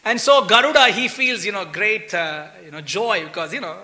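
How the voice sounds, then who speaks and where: A man's voice: high-pitched, normal speed, sharp tone. A man giving a scripture class in a temple, chatty and full of "you know" and "right?", acting out the characters of a story. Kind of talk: sermon with storytelling. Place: temple hall.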